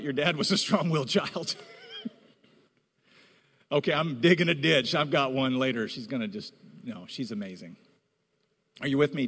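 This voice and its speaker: A man preaching a sermon as a pastor, animated and rising to emphatic exhortation. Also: medium pitch, slightly rough. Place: church hall. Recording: reverberant hall.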